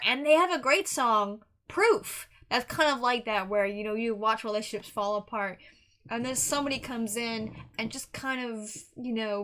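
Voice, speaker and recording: A woman's voice: fairly high pitch, sharp tone. A young woman reviewing a song in a casual, earnest monologue, rambling with many restarts and fillers. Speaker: music reaction reviewer.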